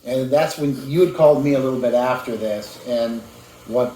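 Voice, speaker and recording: A man interviewing calmly, summing up what he hears in short questions. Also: mid-range voice, normal speed, reverberant, a little hiss or hum, poor audio. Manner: calm, sums up the story in questions. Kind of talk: casual interview.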